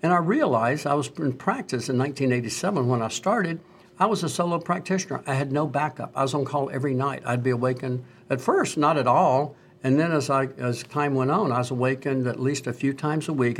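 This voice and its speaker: A middle-aged man, a doctor, telling stories in a casual conversation and acting out the voices of the people he quotes. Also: medium pitch. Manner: animated storyteller, acts out quoted voices. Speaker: doctor, co-host.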